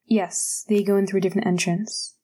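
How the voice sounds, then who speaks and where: A brisk, upbeat young agent who talks business cheerfully, voiced by a woman reading a storybook. Her tone is mellow and warm. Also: medium pitch, little pitch movement, natural voice.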